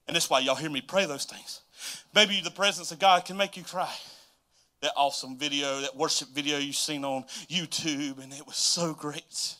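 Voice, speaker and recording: A pastor with a bright, somewhat high voice, preaching in a church. He talks casually and with feeling, swinging between loud exclamations and hushed, confiding asides. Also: brisk. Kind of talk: sermon. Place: church sanctuary.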